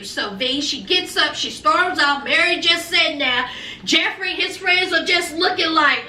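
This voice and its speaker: High bright sassy woman reviewer. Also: expressive, measured pace. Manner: sassy, dramatic retelling with slang. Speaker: reality TV reviewer. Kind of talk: casual recap commentary. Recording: echoey room, mic at a distance.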